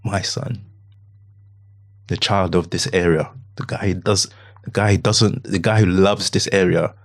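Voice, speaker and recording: A man with a very low, deep voice tells a painful story from his own life. He speaks haltingly, repeating phrases and quoting what he said back then. He often sinks into a hushed, near-whisper tone. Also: fairly even intonation. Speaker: podcast guest. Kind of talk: emotional personal account.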